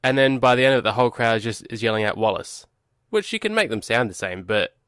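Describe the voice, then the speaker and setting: A man's voice: medium pitch, expressive, fast, a bit bright, clear, resonant tone, no room sound, clean studio sound. A man co-hosting a podcast, casually griping about a film with wry exasperation. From Scotland. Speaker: podcast co-host. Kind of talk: casual chat.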